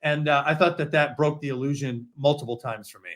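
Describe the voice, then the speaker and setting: A man speaking as a guest in a casual film discussion, explaining his views in a measured way. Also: a little high, steady tone, a bit bright. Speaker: podcast guest.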